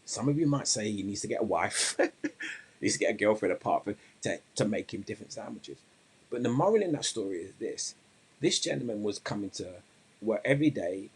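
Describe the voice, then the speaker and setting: A man with a fairly low, husky voice hosts a weight-loss coaching podcast, talking and storytelling in a casual live-stream style. He's animated and moderately paced, rambling and restarting before landing an earnest moral point.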